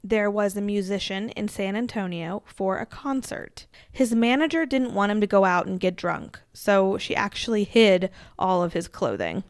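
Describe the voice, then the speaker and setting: A woman's voice: mid-range voice, expressive, moderate pace, few pauses, dry recording. A woman co-hosting a podcast, telling a story in a casual, chatty way with frequent laughs. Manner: chatty, laughs often, self-deprecating asides. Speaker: podcast co-host.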